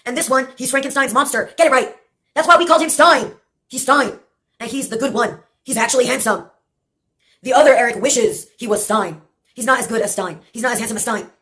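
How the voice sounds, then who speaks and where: A woman with a high voice talks in a loose, rambling monologue. She is sarcastic and profane, laughs often, and jumps from one topic to the next. She comes from Texas. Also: brisk, a bit bright. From Brownsville, Texas.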